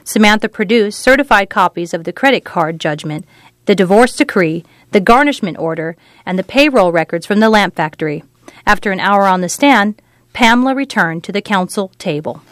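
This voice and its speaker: A woman narrating a novel in an even, measured storytelling read. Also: medium pitch, no echo. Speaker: audiobook narrator. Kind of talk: scripted narration.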